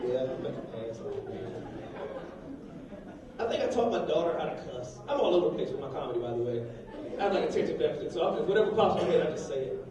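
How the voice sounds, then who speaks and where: A young man doing a rambling, crude stand-up set on a comedy club stage, swinging between loud bursts and low mutters. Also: sing-song, fast, recorded from a distance. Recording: echoey club room heard from afar, crowd noise. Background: audience laughter.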